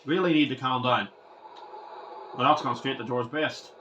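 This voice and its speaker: A man commentating his own retro football game, ranting and shouting at the players when things go wrong. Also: mid-range voice, normal speed, lo-fi sound, slight background noise. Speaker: gaming channel host.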